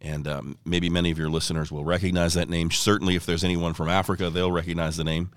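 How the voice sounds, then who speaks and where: Deep-voiced man telling a story. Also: flat delivery, quick pace, smooth, no echo, clean studio sound. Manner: earnest, fluent storyteller who quotes others. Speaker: evangelist guest. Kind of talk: conversational interview storytelling. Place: ministry headquarters office.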